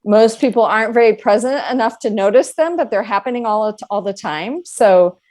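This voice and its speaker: Appearing as an author guest in an interview, this middle-aged woman shares a personal story with earnest reflection and performs the quoted dialogue. She speaks at a moderate pace in a slightly high, slightly mellow voice.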